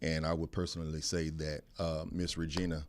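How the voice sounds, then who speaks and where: A man from Texas with a Texan accent hosting a podcast, emphatic, repeating his phrases and laughing loudly. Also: very deep voice, little pitch movement, brisk. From Texas, USA. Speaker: podcast host. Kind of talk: casual podcast chat. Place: podcast studio.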